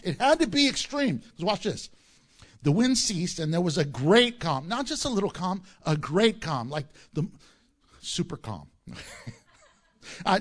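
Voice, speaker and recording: An animated male pastor preaching with a high-pitched voice that swings widely up and down. He reads scripture aloud, then drops into playful asides and acts out the lines he quotes. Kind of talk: sermon.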